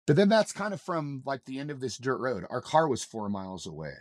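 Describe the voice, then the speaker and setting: A man's voice: mid-range voice, big pitch swings, fairly quick, darkish tone, no room sound, studio quality. A man, a mountain guide on a podcast, telling a story in a loose, rambling way, full of swearing and restarts. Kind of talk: casual storytelling in an interview.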